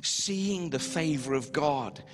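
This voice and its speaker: A man preaching a sermon as a pastor, leading the congregation in repeat-after-me prayers with slow, emphatic delivery. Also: on the high side, in a large hall. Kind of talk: sermon with call-and-response prayer. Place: church hall, live-streamed service.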